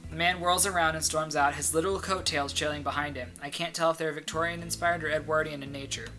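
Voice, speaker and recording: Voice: medium pitch, fairly even intonation, fast, sharp tone, soft background music, rough recording. A game streamer reading a visual novel aloud with chatty asides.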